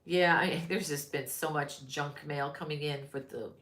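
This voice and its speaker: A woman's voice: low voice, moderate pace, fairly bright tone, echoey room. A woman from Florida hosting a crochet live stream, chatting casually, reading viewer comments aloud and laughing easily. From Florida, USA.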